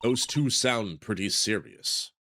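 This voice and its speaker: A man's voice: on the low side, expressive, takes it slowly, pushed and bright, a little hiss or hum. A man streaming a game playthrough, chatting playfully and rambling with his viewers. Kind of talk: casual game playthrough with read-aloud.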